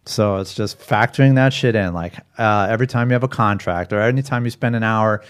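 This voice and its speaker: A man in his forties chatting casually on a podcast, swearing freely and acting out customers in quick quotes. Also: fairly low pitch, smooth. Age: 40s. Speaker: podcast co-host, pizza restaurant owner.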